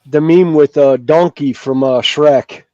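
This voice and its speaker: A man's voice: a little high, slow, mellow, a little hiss or hum. A man in his fifties with a Southern US accent, chatting casually on a hobby show, rambling and self-mocking as he trails off into fillers. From Southern United States. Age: 50s. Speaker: regular on a hobby chat show. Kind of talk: casual chat. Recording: dull, dry sound.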